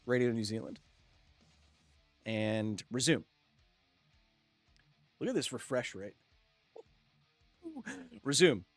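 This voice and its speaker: A man's voice: medium pitch, no room sound. Guy live streaming a game, jokey and chatty, reads chat, laughs a lot, dry mic. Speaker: gaming livestream host.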